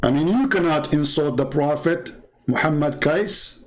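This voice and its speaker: A man with an Arabic accent, speaking as a channel host and giving mocking, sarcastic commentary. His voice drops to low mutters and jumps to high exclamations. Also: measured pace. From Middle East. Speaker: Christian apologist channel host.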